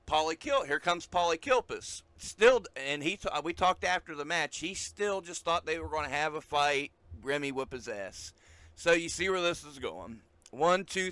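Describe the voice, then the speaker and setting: An enthusiastic man hosts a podcast and tells a story in casual chat, swearing freely. His voice is bright and crisp, a touch high in pitch. The sound is dry and close. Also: dry recording. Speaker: podcast host.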